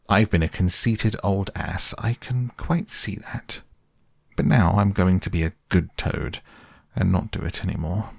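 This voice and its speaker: A man reading a chastened, excitable male toad in a storybook, deep and gravelly, pleading and earnest. The voice sits close and dry on the mic, with little room around it. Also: dry recording, exaggerated voice.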